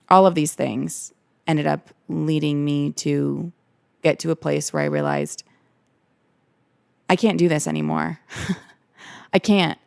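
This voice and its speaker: A woman's voice: sits low, creaky, no echo, studio quality. A young woman hosting a podcast, telling her own story in an earnest, candid way and repeating phrases for emphasis. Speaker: podcast host.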